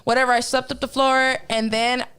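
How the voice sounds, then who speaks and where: A woman sits as a podcast guest and tells a story in loose, casual talk. She swears freely and acts out her own gasps and reactions. Her voice sits a little high. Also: little pitch movement, fairly quick, bright, forceful tone, clean tone.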